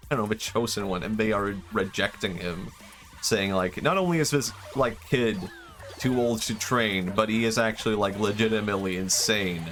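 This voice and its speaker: A young man streaming a game, musing in a loose, excitable way and swearing now and then. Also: sits low. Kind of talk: casual gaming stream commentary.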